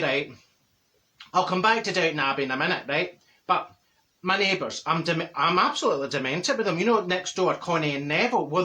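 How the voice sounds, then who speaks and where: A man with a Glaswegian Scottish accent plays a brash, gossipy middle-aged Glasgow woman in a comedy character monologue to camera, his exaggerated voice swooping through a lively, animated pitch. The tone is bright and sharp as she spins theatrical comic tales, full of gossip, exaggeration, theatrical outbursts and bursts of laughter.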